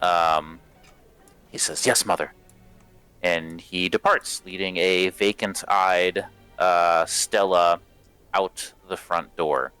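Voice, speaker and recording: A man with a very low, smooth voice runs a tabletop game at an unhurried pace. His narration is casual and rambling, full of fillers, with faint music behind him. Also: steady tone, bright, forceful tone, dry recording. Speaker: game master.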